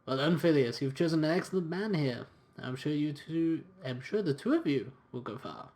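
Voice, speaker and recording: A man's voice: a little high, animated, moderate pace, darkish tone. A man voicing a cheerful, eccentric male professor, reading game dialogue aloud in a hearty, inquisitive way.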